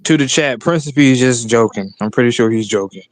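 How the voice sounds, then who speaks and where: A man's voice: medium pitch, fairly quick, no room sound. Laid-back male co-host, dry sound. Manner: laid-back, slangy, chuckles often. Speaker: livestream co-host. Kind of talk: casual stream chat. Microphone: online stream mic.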